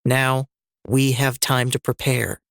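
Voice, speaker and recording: A man's voice: medium pitch, flat delivery, slow pace, creaky, a bit bright, no room sound, clean studio sound. A man voicing a defiant, fierce woman rebel leader in an audiobook reading, cutting and sarcastic in tone.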